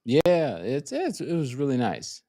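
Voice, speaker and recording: Animated, swearing male storyteller. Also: mid-range voice, unhurried, no echo, clean studio sound. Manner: profane, animated storyteller acting out quotes. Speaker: podcast co-host. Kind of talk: casual chat, storytelling.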